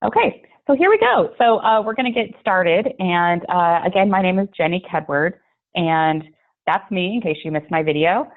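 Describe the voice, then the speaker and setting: Woman, deep voice, friendly presenter, filler words, tinny video-call sound. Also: lively intonation, normal speed. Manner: friendly, chatty, with many fillers. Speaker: trainer. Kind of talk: online training presentation. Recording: tinny phone-like call audio.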